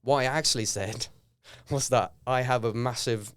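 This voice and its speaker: Telling stories with lively energy and acting out the quotes, this young Norwegian actor, whose first language is Norwegian, is a guest in a relaxed podcast interview. His pitch is medium and his speed normal, with slight background noise.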